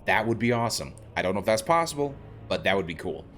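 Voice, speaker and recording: Man, game streamer, casual commentary, rambling, lowish voice. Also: sing-song, fast talker, a bit bright, soft background music. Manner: thinking aloud, rambling, self-deprecating.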